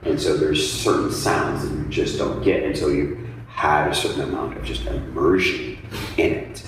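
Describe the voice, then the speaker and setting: A man's voice: rumbling low, normal speed. A man being interviewed about blues dancing, talking in a thoughtful, casual way with many fillers. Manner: thoughtful, many ums and you-knows, animated when joking. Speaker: interviewee, blues dance teacher. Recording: echoey room, mic set at a distance, faint noise.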